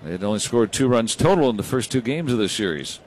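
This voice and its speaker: A man calling baseball play by play, brisk and rising when big plays happen. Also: medium pitch, very animated, darkish tone, a little hiss or hum. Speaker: play-by-play announcer.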